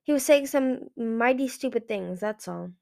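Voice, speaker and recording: A woman reading aloud who voices a big, hostile male dragon soldier with loud, snapping threats. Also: very high-pitched, moderate pace, vocal fry, clean tone. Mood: gruff.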